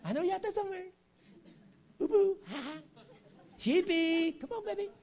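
A careless shepherd calls his lost sheep in a lazy, teasing sing-song, with a preacher putting the voice on and jumping far above his normal pitch. The tone is mocking and unhurried. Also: expressive, a little mellow.

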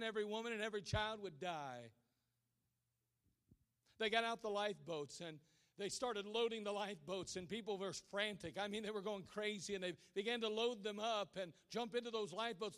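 A male preacher giving a sermon, telling a story dramatically and swinging from hushed lines to shouted ones. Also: high-pitched.

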